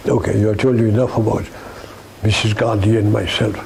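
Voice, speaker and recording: A man's voice: lowish voice, level tone, fairly quick, vocal fry, a little mellow, slight background noise, low-quality recording. An older man with an Indian English accent telling witty, dry anecdotes from his army career in an interview, acting out the people in his stories.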